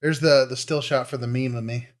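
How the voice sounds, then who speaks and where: A man's voice: mid-range voice, steady tone, brisk. A man co-hosting a podcast in casual chat, self-deprecating and laughing as he talks. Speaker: podcast co-host.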